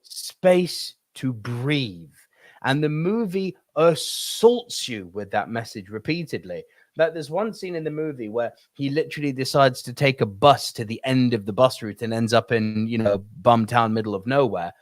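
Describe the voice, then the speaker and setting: A man's voice: medium pitch, expressive, moderate pace, no room sound, clean studio sound. Emphatic swearing man on a podcast. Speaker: podcast co-host. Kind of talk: casual film discussion.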